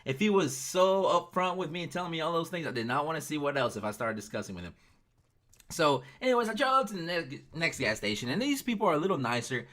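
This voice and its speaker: A man's voice: fairly high pitch, fast. A young man from the United States chatting casually and telling personal stories over gameplay, acting out the lines people said. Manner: chatty, animated, acts out quoted lines. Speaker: gaming YouTuber.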